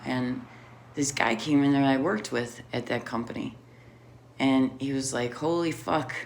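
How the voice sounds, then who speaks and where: A woman's voice: rumbling low, fairly even intonation, unhurried, darkish tone, slight background noise. A middle-aged woman telling a rambling personal story in a casual, profane way, laughing often. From Chicago area.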